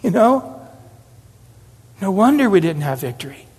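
A man preaches through a Bible passage in a high voice, acting out the quoted words with shifting inflections. His voice rings with the long reverb of a large hall. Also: unhurried, breathy edge. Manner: animated, acts out scripture quotes with changing inflections. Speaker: pastor. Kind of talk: expository sermon.

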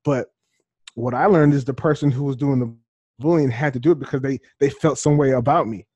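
A man in his thirties chatting as a guest, halting and often repeating words as he thinks. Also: medium pitch, darkish tone, breathy edge, dry recording, lo-fi sound. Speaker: podcast guest. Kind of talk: casual chat.

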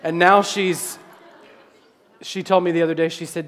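A man in his thirties preaching a sermon to his church congregation, animated and joking with the crowd. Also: on the high side, moderate pace. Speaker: pastor. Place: church sanctuary. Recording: long hall reverb.

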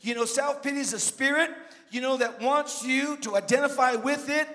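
A man preaching a sermon as a guest pastor, swinging from emphatic shouts to low joking asides to the congregation. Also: normal speed. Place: church sanctuary. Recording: long church reverb.

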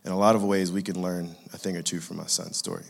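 A man's voice: low voice, flat delivery, fast talker, creaky. A man in his thirties from California, telling a personal faith story in an earnest, conversational way. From Inglewood, California. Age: 30s. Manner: earnest, conversational, laughs at his own jokes. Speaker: father sharing a faith testimony.

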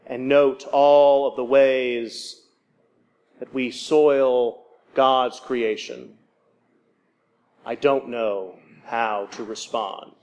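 Slow, deliberate preacher man. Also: medium pitch. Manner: measured, with dramatic pauses and voiced quotes of the disciples. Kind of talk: sermon.

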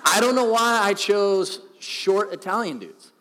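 Animated man preaching in a reverberant hall. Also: high-pitched, a little slow. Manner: conversational, joking, animated. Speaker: pastor. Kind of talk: sermon.

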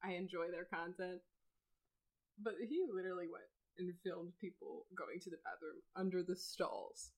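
A young woman co-hosting a podcast in casual chat, animated and swearing freely as she acts out scenes. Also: on the low side, normal speed. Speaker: podcast co-host.

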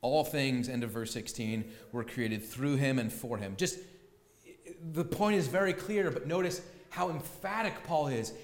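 A man preaching a sermon as pastor, emphatic and repeating key words for stress. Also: fairly high pitch. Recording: echoey hall with long reverb.

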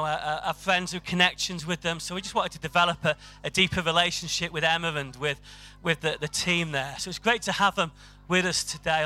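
A man introducing a guest preacher to his church, hesitant at first and then rallying the congregation with loud calls. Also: high voice. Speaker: pastor.

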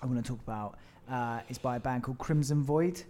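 A man co-hosts a casual chat podcast, speaking at a middling pitch. He talks in sweary, teasing banter with his friends. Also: a little fast, warm tone. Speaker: podcast co-host.

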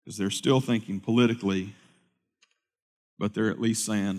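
A man preaching a sermon in a conversational way, swinging between loud, lively bursts and hushed, solemn stretches. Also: lowish voice, normal speed. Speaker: pastor.

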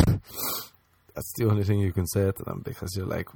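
A man's voice: on the low side, sing-song, measured pace, background noise. Sarcastic man ranting on a podcast. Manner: rambling, sarcastic, swings into mocking voices. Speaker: podcast host. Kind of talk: crude comedic monologue.

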